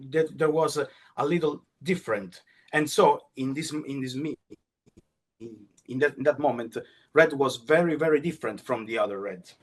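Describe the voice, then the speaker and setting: A man with an Italian accent telling a story as a kamishibai storyteller, slipping in Italian phrases with halting restarts. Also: medium pitch. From Italy.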